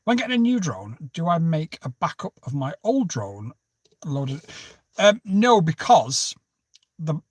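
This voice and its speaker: An unhurried man with a fairly high voice and wide pitch swings runs a casual livestream, heard with no echo. He banters through viewers' comments, drifts across topics and says hello to people by name.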